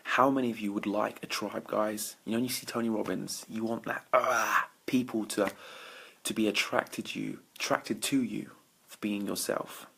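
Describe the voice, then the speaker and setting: Low, gravelly man on a late-night live stream. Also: moderate pace. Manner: energetic, greets viewers by name. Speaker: motivational speaker. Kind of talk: late-night Facebook Live talk to viewers. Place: indoors at night. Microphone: phone or webcam for a live stream.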